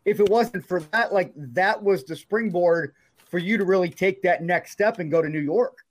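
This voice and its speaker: A man's voice: high voice, normal speed, a little hiss or hum. A man co-hosting a podcast, chiming in casually and agreeing with the others. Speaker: podcast co-host. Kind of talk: casual chat.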